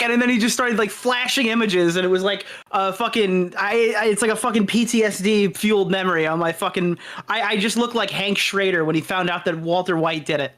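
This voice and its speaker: Excitable higher-voiced man caller. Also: fairly quick, hardly any pauses. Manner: excitable, rambling, swears a lot, exaggerates. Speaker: call-in guest. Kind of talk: casual storytelling on a call. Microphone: voice call.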